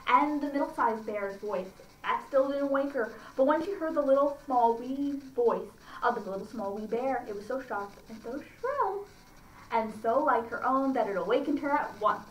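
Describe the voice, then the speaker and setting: A woman at a library reading a fairy tale aloud to children, pausing to comment and ask them questions. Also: high-pitched, animated, a little hiss or hum. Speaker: library storyteller. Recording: roomy, distant mic, faint ambience.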